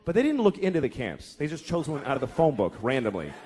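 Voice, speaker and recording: A man's voice: mid-range voice, huge pitch swings, quick pace, darkish tone, slightly rough. A man doing a stand-up routine, telling stories in a profane, exasperated way. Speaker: stand-up comedian.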